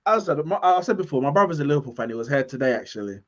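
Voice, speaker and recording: A man's voice: fairly high pitch, expressive, racing. A man, a football fan panelist arguing in mocking, heated chat. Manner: mocking, argumentative. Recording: slightly dull sound.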